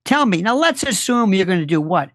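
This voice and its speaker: A man speaking as a guest legal commentator on a talk show, emphatic and rapid-fire, firing off rhetorical questions. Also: high-pitched, very animated, a bit bright, dry recording, studio quality.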